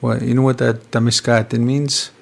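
A man from Canada telling traditional star stories in an unhurried, conversational way, often tagging his phrases with "eh?". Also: mid-range voice, little pitch movement, gravelly. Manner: unhurried, repetitive, ends phrases with "eh?". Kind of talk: casual storytelling conversation.

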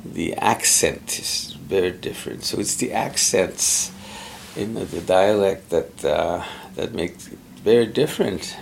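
In a conversational interview, a deep-voiced, gravelly middle-aged man speaks slowly and thoughtfully, pausing often as he searches for words. He once taught Cree, his first language, and comes from Pimicikamak Cree Nation, Canada; slight background noise is audible.

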